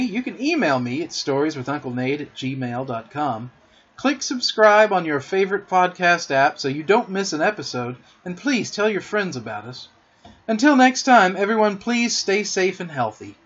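A man reading a children's storybook aloud as a podcast host, expressive and gentle. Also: a little high, dull audio.

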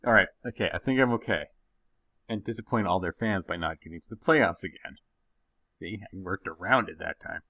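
A man in his thirties, a podcast co-host, telling a funny family story in a casual, animated way and laughing often. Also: low voice, brisk, creaky, no echo.

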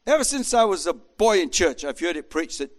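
A man preaching a sermon with an animated manner, acting out voices as he tells the story. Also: high-pitched, a little fast. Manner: animated, acts out voices in quotes.

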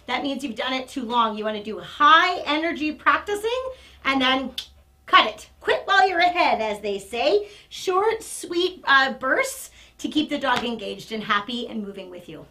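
A woman dog trainer demonstrating toy play on a live stream, chatty and animated, breaking into excited praise for the dog. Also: high-pitched, moderate pace, poor audio.

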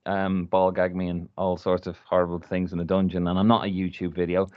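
A man's voice: sits low, completely flat delivery, fairly quick, no echo. A man from Ireland telling a rambling, laugh-filled anecdote in casual podcast chat, swearing freely. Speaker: podcast co-host. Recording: muffled dry recording.

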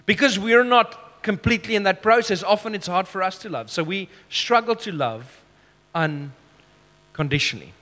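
A man preaching a sermon as pastor, emphatic, slowing down for key phrases, with self-deprecating asides. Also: high voice, animated, sharp tone, long reverb tail.

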